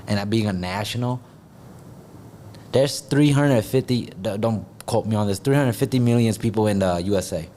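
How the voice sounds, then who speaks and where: A man talking in a podcast conversation, halting and searching for words as he goes. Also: fairly low pitch, warm tone, slight background noise. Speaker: podcast guest and grappling competitor.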